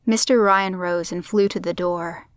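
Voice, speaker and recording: A woman narrating a crime story in a steady, measured audiobook reading. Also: lowish voice, no room sound, studio quality.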